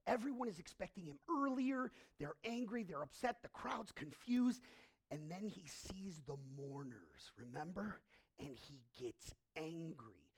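A man preaching a sermon as pastor, dropping to hushed asides and rising to loud, drawn-out declarations. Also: high-pitched, expressive, husky.

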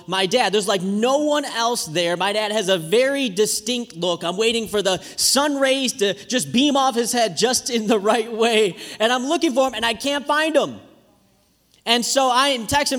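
A man, a pastor preaching a sermon with lively, conversational storytelling. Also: high voice, moderate pace. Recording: reverberant hall.

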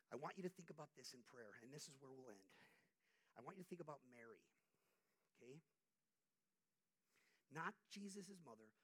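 Animated, husky-voiced male preacher. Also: mid-range voice, low-quality recording. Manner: conversational, asks the congregation questions, acts out quotes. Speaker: pastor. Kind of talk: informal sermon.

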